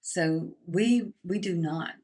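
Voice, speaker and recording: A woman's voice: fairly low pitch, slow, warm tone. A middle-aged woman co-hosting a podcast, chatting casually over wine, rambling and laughing often. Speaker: podcast co-host.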